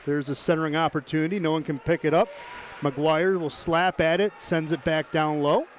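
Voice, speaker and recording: Man, hockey play-by-play commentator, brisk, chatty, slightly high voice, faint background noise. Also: fairly even intonation. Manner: brisk, chatty, joking asides with the chat.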